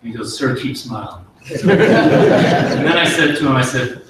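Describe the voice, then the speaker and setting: A middle-aged man, an army officer, giving an earnest promotion speech and telling a folksy story with pauses and restarts. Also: mid-range voice, expressive, recorded from a distance, heavy background noise. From United States. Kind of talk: ceremony speech with war story. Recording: very echoey hall, voice from afar.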